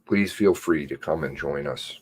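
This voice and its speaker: A man hosting his own channel, reading out a news release in a furious, swearing rant that swings from shouts to hushed mutters. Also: extremely low pitch, normal speed, a little hiss or hum. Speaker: channel host.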